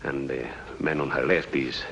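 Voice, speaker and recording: An actor playing a halting, formal Latin American government official in a 1950s TV drama. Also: male voice, a bass voice, fairly even intonation, fairly bright tone. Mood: worried. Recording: dull old TV soundtrack with faint hiss.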